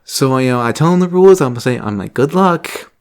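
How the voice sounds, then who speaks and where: A young man casually telling a story about a job, animated, laughing often and swearing freely. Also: mid-range voice, quick pace, vocal fry, smooth. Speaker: vlogger.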